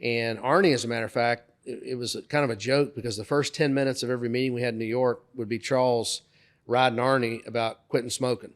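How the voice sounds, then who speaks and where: A man's voice: mid-range voice, quick pace. Middle-aged man telling work stories. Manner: lively anecdotes, raising his voice to act out quoted bosses. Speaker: podcast co-host. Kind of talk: casual storytelling chat.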